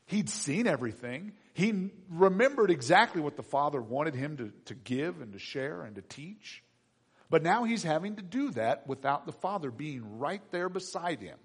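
A middle-aged man preaching a conversational sermon as pastor, with soft asides and gentle quoted lines. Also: a little high, sing-song, moderate pace, breathy edge. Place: church sanctuary. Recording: long hall reverb.

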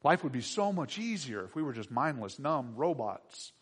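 Animated male pastor preaching. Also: mid-range voice, moderate pace, slightly rough, long reverb tail. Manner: animated, swings from quiet asides to loud emphatic preaching. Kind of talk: sermon.

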